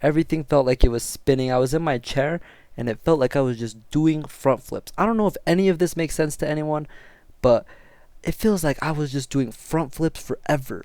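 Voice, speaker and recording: A young man telling a story to his viewers in a casual, excitable, slangy way and swearing freely. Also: mid-range voice, no room sound, studio quality. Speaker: storytime vlogger.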